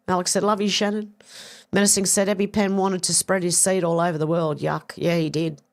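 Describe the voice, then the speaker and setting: A middle-aged Australian woman hosts a livestream, reading viewer comments aloud in a chatty, casual way and swearing now and then. Her voice sits fairly low, her tone stays level, and she talks a little fast.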